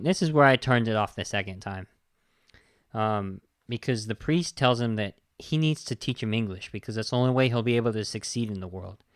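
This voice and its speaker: A man of middle pitch talks through a film review in casual, heated podcast chat, often restarting sentences and swearing in exasperation. The sound is close and dry, with no room around it. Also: no echo. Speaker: podcast host.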